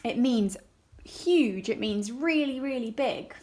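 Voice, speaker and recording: Slow, clear teacher, higher voice. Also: female voice, expressive, a little mellow. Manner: slow and clear, asks children questions. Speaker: primary school teacher. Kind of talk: reading a story aloud for a lesson.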